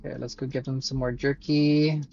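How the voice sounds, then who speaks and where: A man's voice: medium pitch, level tone, fairly quick, gravelly, dark tone, lo-fi sound. A man streaming a video game live, chatting casually and thinking aloud with fillers and the odd swear.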